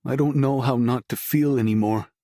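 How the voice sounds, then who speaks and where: A man's voice: mid-range voice, moderate pace, darkish tone, no echo, clean studio sound, voice pushed up, lightly acted. A man reading the lines of a grieving young man in an audiobook, strained and tearful. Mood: anguished. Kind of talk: audiobook dialogue.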